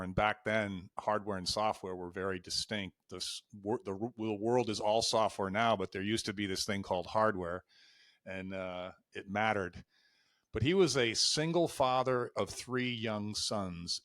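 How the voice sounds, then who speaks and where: A man in his fifties with a lowish, slightly bright voice is interviewed on a podcast as a life and executive coach. Recorded in studio quality without echo, he shares candid, emotional stories and acts out remembered exchanges.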